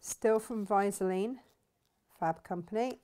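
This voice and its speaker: A woman talks viewers through a sewing project. Her delivery is chatty and enthusiastic. She thinks aloud as she works, at a mid pitch typical for a woman. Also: unhurried, mellow. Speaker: craft shop host demonstrating sewing. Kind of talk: live sewing demonstration.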